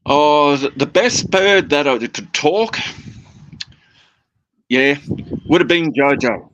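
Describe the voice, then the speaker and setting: A man's voice: fairly high pitch, lively intonation, slow pace, a bit bright, a little hiss or hum. A man chatting as a guest about his parrots, rambling with restarts and mimicking his birds' phrases, talking into a phone. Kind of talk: casual chat.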